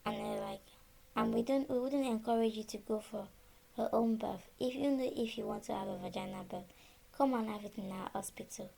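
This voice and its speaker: Animated, gravelly-voiced woman telling her story. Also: on the high side, fairly quick. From Nigeria. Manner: animated, reenacts conversations with quoted dialogue. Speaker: storyteller sharing her birth experience. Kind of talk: casual personal storytelling.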